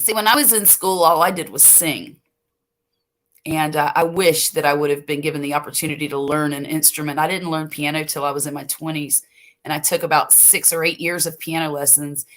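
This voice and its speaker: An older woman from the US Gulf Coast hosts a late-night livestream from home, chatting slowly and rambling, laughing easily as she reads viewer comments. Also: low voice, fairly even intonation, a bit bright. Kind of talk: casual chat reading viewer comments.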